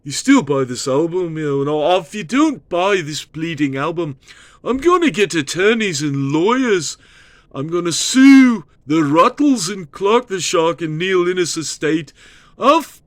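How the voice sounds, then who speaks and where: A man's voice: high voice, clear, resonant tone, no echo, voice pushed up. A man voicing a swaggering 1960s British rock star, threatening and cursing in British slang.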